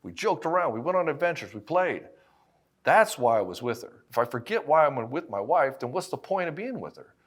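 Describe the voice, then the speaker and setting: Speaking straight to camera, a middle-aged relationship coach lectures married men in a blunt, profane, emphatic monologue. His voice runs on the high side and is very animated and brisk.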